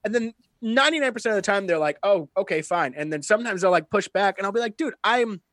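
Man, comedian, rapid rambling chat, fairly high voice. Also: expressive, fairly bright tone, no room sound, studio quality. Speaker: stand-up comedian. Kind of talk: casual podcast chat.

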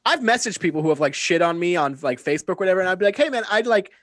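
A man's voice: high voice, animated, fairly bright tone, no room sound, studio quality. A man, a comedian chatting casually, rambling and swearing. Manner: rapid, rambling, profane. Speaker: stand-up comedian. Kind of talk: casual podcast chat.

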